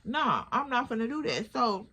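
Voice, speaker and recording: A woman's voice: a little high, normal speed, husky. Chatty young woman with a Chicago accent. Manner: animated, chatty, addresses the listener as girl. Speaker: storyteller. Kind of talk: casual storytime vlog.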